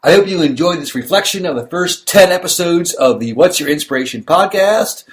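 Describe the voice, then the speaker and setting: A man's voice: on the high side, animated, a little fast. Rambling podcast host man. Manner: rambling storyteller with many restarts and fillers. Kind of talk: casual chat.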